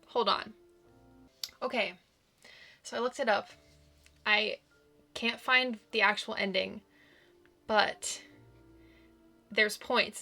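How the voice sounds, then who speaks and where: Woman let's-player, slightly high, bright tone, exasperated running game commentary. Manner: exasperated, exclaiming often. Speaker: let's play gamer. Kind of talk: visual novel playthrough commentary.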